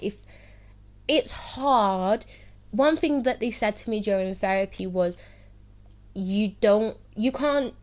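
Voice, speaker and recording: A young woman with a mid-range, slightly mellow voice hosts her own series and speaks openly about her past. Painful memories often come with laughter, and "like" and "so, yeah" fill her speech.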